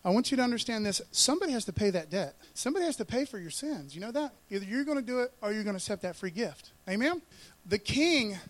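A man preaching a casual sermon, animated and full of slang, often calling listeners "man" and "dude". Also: high-pitched, fast talker. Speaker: pastor.

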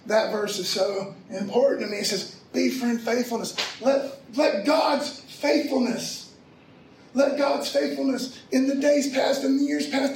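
A man's voice: very high voice, gravelly, a little hiss or hum. A middle-aged man preaching a sermon, telling a personal story in a loose, slangy, conversational way. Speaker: pastor. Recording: echoey room from far off.

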